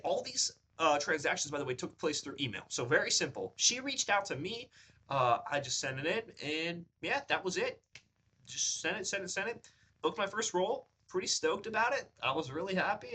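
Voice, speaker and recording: A man chats through his latest vlog with a bright, forward tone, his words tumbling out in loose restarts and ums. He speaks at an ordinary middle pitch, lifted a little from his usual deeper register, with a faint hum of room noise underneath. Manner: rambling, upbeat storytelling with many fillers and restarts; says his pitch rises above his normal low voice when he talks at length. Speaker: vlogger sharing his acting journey. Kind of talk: casual vlog chat.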